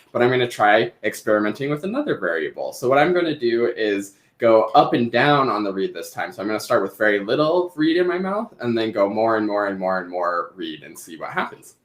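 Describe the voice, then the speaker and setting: A man's voice: mid-range voice, roomy sound. A man teaching clarinet in a live-streamed lesson, explaining each step as he demonstrates.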